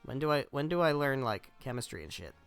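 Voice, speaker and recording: Smooth-voiced joking gaming host, man. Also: medium pitch, sing-song, fast talker, fairly bright tone, dry recording, soft background music. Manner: joking, swears casually, laughs at the game. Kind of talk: casual Let's Play commentary.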